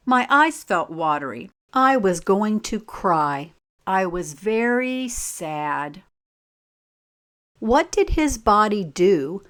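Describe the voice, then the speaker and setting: A woman reads a story aloud at an unhurried, very slow pace. She speaks clearly and deliberately and stops now and then to put gentle questions to young listeners. Her voice sits at an ordinary middle pitch. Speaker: teacher reading aloud.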